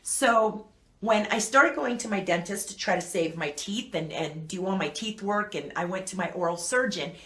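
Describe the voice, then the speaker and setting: A woman's voice: medium pitch, moderate pace, a bit bright. Chatty woman vlogger in an echoey room. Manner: chatty and rambling, with many fillers. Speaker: channel host. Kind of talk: casual talk to camera.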